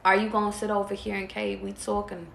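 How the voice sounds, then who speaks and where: A woman's voice: medium pitch, monotone, quick pace, gravelly, a bit bright. A woman tarot reader, talking bluntly and profanely to her viewers. She hammers her points home through repetition. The recording is roomy and echoey, with a faint hiss underneath. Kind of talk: casual spiritual pep talk to viewers. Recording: echoey room with faint noise.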